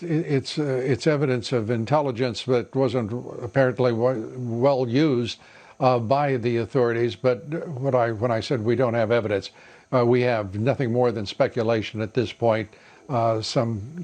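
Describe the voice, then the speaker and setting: A man speaking as a guest on a news broadcast, measured and hesitant with frequent pauses. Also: mid-range voice, fairly even intonation, darkish tone. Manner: measured, hesitant with many fillers. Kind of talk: broadcast interview.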